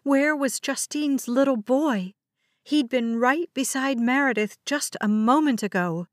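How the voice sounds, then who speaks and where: Casting: slow, measured woman audiobook narrator, fairly high voice, dry close sound. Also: no room sound. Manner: measured, dramatic storytelling. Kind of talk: scripted narration.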